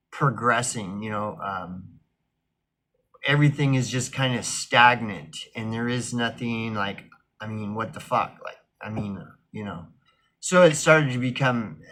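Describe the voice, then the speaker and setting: A man's voice: mid-range voice, a bit bright. A man telling a casual, rambling story, swearing often and packing his talk with fillers. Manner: rambling, profane, full of fillers.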